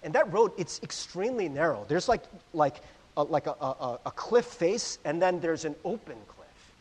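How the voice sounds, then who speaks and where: A man preaching a sermon in an animated, joking way, often asking the audience questions. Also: a little high, moderate pace, slightly rough. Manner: animated, jokey, asks the crowd questions. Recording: echoey hall.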